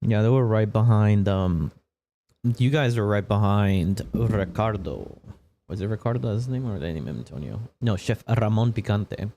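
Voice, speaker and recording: A man's voice: lowish voice, lively intonation, moderate pace, dark tone. A man narrating as game master of a tabletop game, casual and profane with a rambling delivery.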